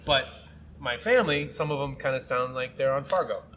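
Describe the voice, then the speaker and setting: A man's voice: medium pitch, brisk, a bit bright, slight background noise. A man from Saint Louis chatting casually in a brewery, joking and swearing freely. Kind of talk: casual chat. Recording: busy brewery crowd behind.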